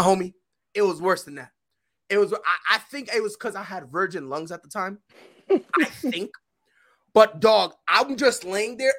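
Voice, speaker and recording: Animated young man telling a story. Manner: animated, swings from low mumbles to loud shouts. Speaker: podcast host. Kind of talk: casual storytelling chat.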